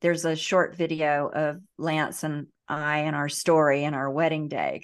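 Earnest woman guest on a video call, slightly low pitch, loose and chatty. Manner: warm, earnest, speaks with many fillers and restarts. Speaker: guest, emotional healing educator. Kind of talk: casual interview talk.

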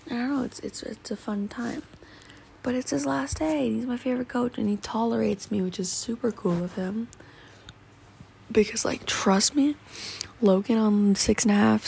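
A woman's voice: mid-range voice, creaky, a little mellow, slight background noise, poor audio. A teenage girl, rambling casually in a teary, sniffly voice and often half-whispering. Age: teens. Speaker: vlogger.

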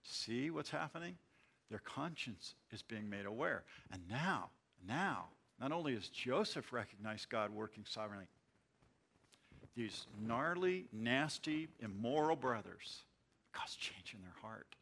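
Bright-voiced man teaching a sermon. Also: mid-range voice, expressive, measured pace, vocal fry. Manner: conversational, explains as he reads, restarts words. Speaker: Bible teacher. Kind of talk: verse-by-verse sermon.

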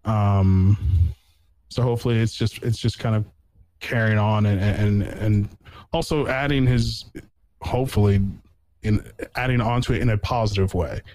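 A man's voice: on the low side, steady tone, normal speed, a little mellow, no echo, poor audio. A man hosting a casual sports podcast, rambling with lots of fillers and restarts. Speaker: podcast host.

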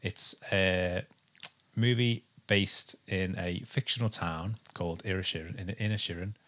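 A man's voice: sits low, fairly even intonation, measured pace, a bit bright. A young man from England co-hosting a podcast in casual chat, rambling and hesitant with lots of ums. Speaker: podcast co-host.

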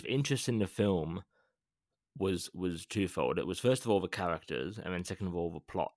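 Deep-voiced man, dry close sound. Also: no room sound. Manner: measured, hesitant with fillers. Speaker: podcast co-host. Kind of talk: casual film discussion.

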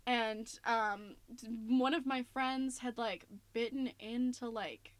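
A woman's voice: fairly high pitch, slow pace, no room sound. A woman co-hosting a podcast, telling stories in a chatty, rambling way with lots of fillers and laughs. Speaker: podcast co-host. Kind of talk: casual chat, telling stories.

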